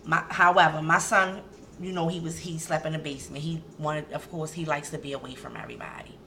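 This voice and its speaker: A woman's voice: low-pitched, fairly even intonation, a little fast, vocal fry, noisy background. A woman with a Baltimore accent, co-hosting a casual radio talk show and repeating key phrases for emphasis.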